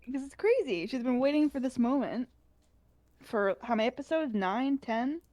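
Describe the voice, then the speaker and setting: Relaxed woman, dry close sound. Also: high voice, normal speed, no room sound. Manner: relaxed, brief reactions and soft agreeing. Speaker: podcast co-host. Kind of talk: casual chat reviewing a TV episode.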